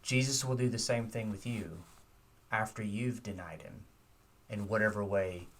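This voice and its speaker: A man's voice: lowish voice, normal speed, a bit bright, far from the mic. A man giving a short devotional sermon, earnest and reflective, putting direct questions to his listeners.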